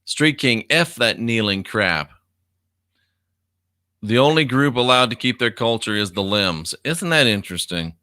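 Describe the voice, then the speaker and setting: A man's voice: mid-range voice, lively intonation, unhurried, sharp tone, smooth, dry recording, studio quality. A man in his fifties hosting a live stream, reading viewer comments aloud in a blunt, profane, casual way and laughing often. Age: 50s.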